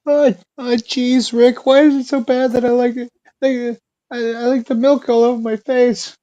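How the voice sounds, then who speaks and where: A man voicing a nervous, stammering teenage cartoon sidekick in a high, whiny voice. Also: little pitch movement, moderate pace, dark tone.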